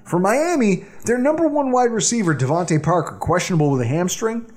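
A man hosting a sports podcast, running through the game preview with animated, dramatic delivery. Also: high-pitched, a little fast. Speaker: podcast host. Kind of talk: excited sports podcast banter.

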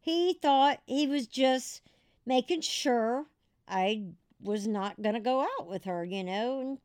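A woman guest in an interview, telling candid stories in an animated way and laughing as she goes. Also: a little high, takes it slowly, smooth, no echo, studio quality.

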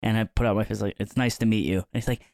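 A man's voice: very fast, no echo, clean studio sound. A man co-hosting a podcast, telling stories in casual chat and acting out the people he quotes. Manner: animated, acts out quoted people with sudden pitch jumps. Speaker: podcast co-host.

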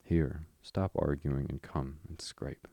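A man's voice: extremely low pitch, fairly even intonation, slow, vocal fry, dark tone, slightly rough, no echo, full character voice. A man reading a bedtime story, voicing a clever male water rat who is eager and impatient.

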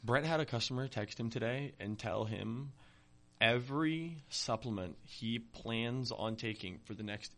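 A man co-hosting a podcast in relaxed, laid-back chat, laughing often and swearing freely. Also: mid-range voice, a little slow. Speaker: podcast co-host. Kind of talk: casual chat.

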